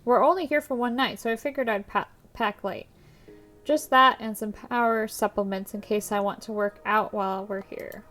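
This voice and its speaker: A woman's voice: on the high side, fairly even intonation, moderate pace, a bit bright, faint music behind, close to an everyday voice. Woman voicing a naive cheerful cop. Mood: earnest. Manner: earnest, naive. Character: cheerful dim-witted male police officer.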